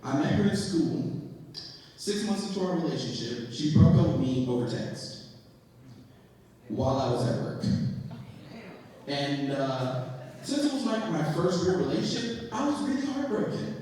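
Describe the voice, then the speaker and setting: A young man doing a profane stand-up set, telling stories and jumping into squeaky voices for quotes. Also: very animated, moderate pace, long pauses, darkish tone. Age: young adult. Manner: storytelling with acted-out quotes, profane, jumps into high squeaky voices. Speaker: stand-up comedian. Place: live venue, in a large echoey room. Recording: distant, echoey hall sound with faint ambience.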